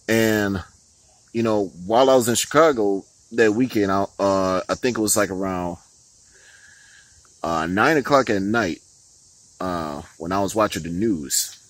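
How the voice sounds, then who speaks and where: A man's voice: on the low side, a little slow, long pauses, no echo, poor audio. A man giving heated, profane political commentary on his vlog, often stopping to laugh and restarting his words.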